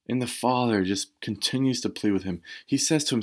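A man's voice: on the low side, normal speed, a little mellow. A man preaching a sermon as a pastor, talking in a conversational and emphatic way, with casual asides to the congregation.

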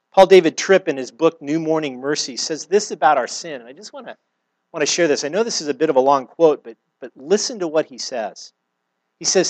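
A man's voice: on the high side, no echo. A middle-aged man preaching a sermon in an earnest, conversational way, with everyday examples and frequent restarts. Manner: repeats words when restarting. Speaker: pastor.

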